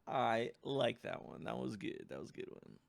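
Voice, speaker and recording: Gravelly lively man gaming, noisy recording. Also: mid-range voice, normal speed. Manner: jokey, talks back to the game, reads out codes. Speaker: let's play gamer. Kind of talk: casual gameplay commentary. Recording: loud background noise with clicks.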